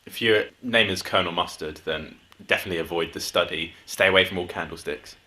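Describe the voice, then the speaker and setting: A man co-hosting a podcast in casual chat, throwing in dry, quick quips. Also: deep voice, noisy background. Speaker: podcast co-host.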